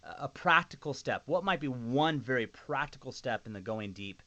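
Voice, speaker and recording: A man with a mid-range voice hosts an interview podcast. He affirms his guest warmly and then asks a practical follow-up question. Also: medium pitch, lively intonation, moderate pace, highs cut off. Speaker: podcast host. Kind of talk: conversational interview.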